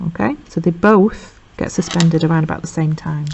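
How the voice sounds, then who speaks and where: Slight background noise sits under this dull lo-fi recording of a woman teacher. Her low-pitched, darkish voice has vocal fry as she chattily retells a play for revision, voicing characters' lines quickly.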